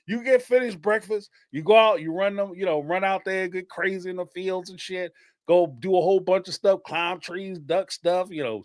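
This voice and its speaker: A man's voice: high-pitched, fairly bright tone, dry recording, studio quality. A male host from the northeastern United States with a blend of Northeastern and Southern US accents, telling stories in casual chat, laughing often and swearing casually. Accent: mix of Northeastern US and Southern US. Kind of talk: casual commentary answering viewers.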